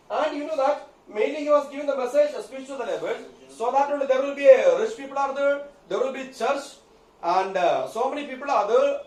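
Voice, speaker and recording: A man with a high voice teaches a class in a slow, halting way, full of pauses and filler words. He is recorded from a distance in an echoey room, with faint room sound behind him. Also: darkish tone. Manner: halting, many fillers and okays. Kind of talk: classroom lecture. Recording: echoey room, mic far off.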